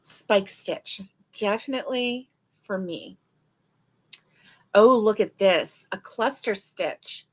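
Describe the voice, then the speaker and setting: A woman's voice: mid-range voice, slow, pauses often. A woman hosting a casual crochet livestream, reading stitch descriptions aloud and reacting with delight.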